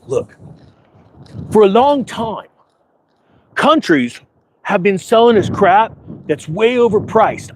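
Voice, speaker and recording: Smug, bragging money-advisor type, put on by a man, high and swooping delivery. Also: slight background noise. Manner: sarcastic, boastful, rambling with asides. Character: smug self-important male financial advisor persona. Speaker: finance vlogger. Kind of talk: comedic persona monologue to camera. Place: outdoors in front of a big-box store.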